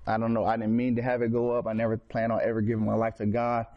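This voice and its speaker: An earnest man shares his personal testimony in loose, slangy storytelling, often restarting his sentences. His voice sits at an ordinary middle pitch, and the recording is slightly dull and lo-fi. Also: completely flat delivery, quick pace. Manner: earnest, street slang, frequent restarts and fillers. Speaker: person sharing a faith testimony.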